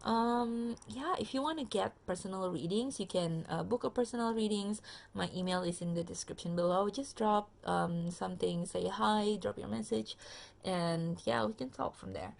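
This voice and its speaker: A tired woman gives a relaxed pick-a-card tarot reading straight to her viewers. Her voice has a gravelly fry and sits at an ordinary middle pitch. She speaks loosely into her phone camera, full of ums and restarts. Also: moderate pace. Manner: chatty, many fillers and restarts, addresses viewer directly. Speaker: tarot reader.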